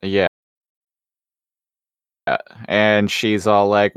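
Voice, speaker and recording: A man's voice: sits low, measured pace, fairly bright tone, dry recording. A man co-hosting a podcast, casually recapping scenes with dry quips. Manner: laid-back, dry quips. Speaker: podcast co-host.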